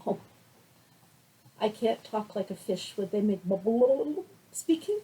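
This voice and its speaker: Soft, slow-spoken woman reading to babies. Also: medium pitch, sing-song, breathy edge, poor audio. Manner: gentle, soothing, soft sing-song storytelling. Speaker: children's librarian. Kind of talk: reading picture books aloud to babies.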